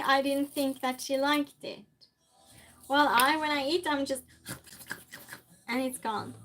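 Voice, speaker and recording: A woman's voice: high-pitched, a bit bright, slight background noise. A woman streamer chatting casually while she cooks, reading viewer comments aloud and answering them with frequent laughs. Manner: laughs often, teases the chat. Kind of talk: casual chat while cooking.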